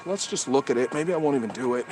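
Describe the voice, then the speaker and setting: A man's voice: medium pitch, animated, fast talker, over music. A man hosting a livestream outdoors among trees, talking through a head-mounted camera in a profane, heated, rambling rant. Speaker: livestream host.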